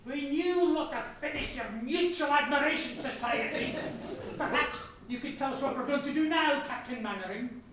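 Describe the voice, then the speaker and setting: Cheeky, mocking wartime spiv, played by a man; unhurried, lively delivery over loud audience noise. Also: sits high, a crowd in the background. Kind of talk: amateur stage comedy performance. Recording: echoey hall from far off, noisy audience.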